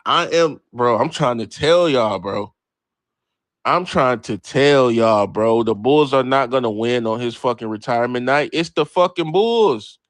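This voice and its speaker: A man's voice: mid-range voice, a little slow, dry recording. A man hosting a late-night sports livestream, bantering with his chat in a brash, profane way and cursing freely. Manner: brash, animated, reads and answers chat, swears freely. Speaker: livestream host. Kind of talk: casual profane sports talk to live chat.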